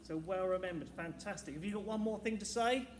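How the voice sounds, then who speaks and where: Male teacher, high voice, upbeat and encouraging, echoey hall with audible background noise. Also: fairly quick, recorded from a distance. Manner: upbeat, encouraging, talks to children. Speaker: primary school teacher. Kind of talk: leading a school music assembly. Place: school hall, indoors.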